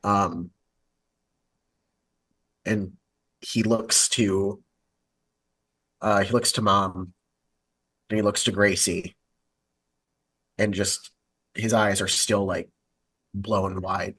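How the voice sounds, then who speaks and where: Man tabletop player, very slow pace, husky voice, lowish pitch. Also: level tone, fairly bright tone. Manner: slow, deliberate with fillers. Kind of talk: in-character tabletop role-play.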